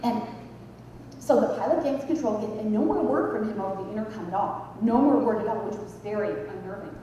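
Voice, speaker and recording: A woman's voice: mid-range voice, fast talker, muffled recording. A woman speaker telling a dramatic, humorous story to a conference audience. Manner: lively, dramatic, animated. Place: large conference hall. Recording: echoey hall, distant mic, background noise.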